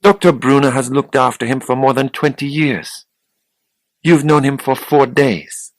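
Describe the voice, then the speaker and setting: A man's voice: mid-range voice, a little slow, no echo, pitched above the performer's own voice, close to an everyday voice. A man reading a guarded, cool-headed woman. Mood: reserved.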